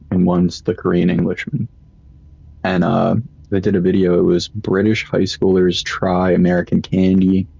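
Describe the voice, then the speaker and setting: A young man talks loosely while gaming, swearing as he rambles through stories. His voice sits low with a gravelly, husky edge. The sound is dry and close. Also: mellow, dry recording, low-quality recording. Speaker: gaming streamer. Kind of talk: casual gaming commentary.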